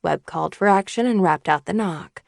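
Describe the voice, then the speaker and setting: A woman narrating an audiobook in a steady scripted reading. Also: on the low side, moderate pace, creaky, no room sound, clean studio sound.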